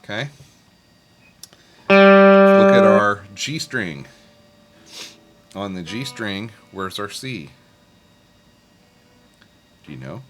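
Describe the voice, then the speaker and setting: A man's voice: on the low side, expressive, very slow, pauses often. A man teaching a guitar lesson, patiently explaining scales and calling out note names. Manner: patient, talks over guitar, sings note names along. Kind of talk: casual music lesson. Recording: loud guitar playing behind voice.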